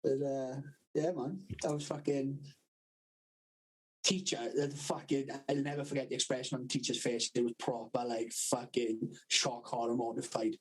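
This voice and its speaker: A man's voice: medium pitch, level tone, moderate pace, poor audio. A young Welsh man with a Valleys accent, swearing constantly and laughing through his stories in casual podcast chat. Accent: South Wales Valleys. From Wales. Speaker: podcast co-host.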